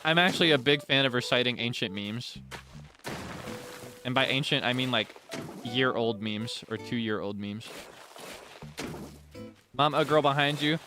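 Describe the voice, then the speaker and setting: A man streaming a life-sim game, chatting playfully and dramatically, swinging between deadpan asides and giggling. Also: mid-range voice, a little slow, long pauses. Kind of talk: casual game stream chat. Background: game music.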